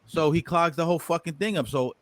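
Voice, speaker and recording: A man's voice: fairly high pitch, brisk, fairly bright tone, no room sound. A man from New co-hosting a casual sports podcast, talking in a rambling, profane way and repeating words as he thinks. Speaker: podcast co-host.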